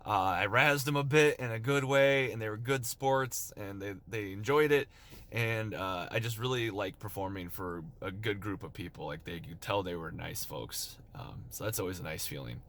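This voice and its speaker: Tired travel-vlogging man, low voice. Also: moderate pace. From Minneapolis, US. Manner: tired, relaxed talk to camera. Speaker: touring comedian. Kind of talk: casual travel vlog.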